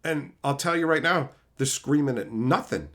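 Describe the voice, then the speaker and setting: Profane, lively male streamer ranting. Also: mid-range voice, normal speed. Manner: profane, exasperated, mocking. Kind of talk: casual storytelling rant.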